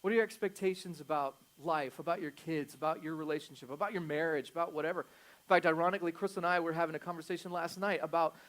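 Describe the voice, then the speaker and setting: A middle-aged male pastor giving a sermon in a conversational, joking way, swinging from loud emphasis to quiet asides. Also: a little high, fairly even intonation, fast talker.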